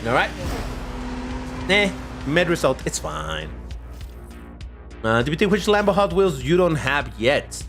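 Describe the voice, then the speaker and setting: A talkative man hosts a relaxed gaming live stream, wandering between thoughts as he reads out and answers his chat. His voice sits high and swings around a lot. Soft music plays faintly underneath. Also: unhurried, long pauses. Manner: chatty and rambling, reads and answers chat aloud. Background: faint background music.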